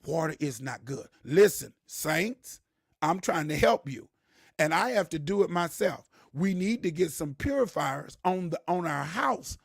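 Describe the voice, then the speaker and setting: Husky, high-voiced man preaching. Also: measured pace, no echo, clean studio sound. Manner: animated, preachy, repeats words, laughs, shouts for emphasis. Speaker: host. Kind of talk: casual live-stream talk to viewers.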